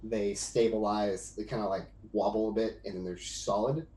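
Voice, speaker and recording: A man's voice: fairly low pitch, steady tone, normal speed, mellow, roomy sound, low-quality recording. A man narrating as game master of a tabletop game, in a loose, rambling way full of fillers.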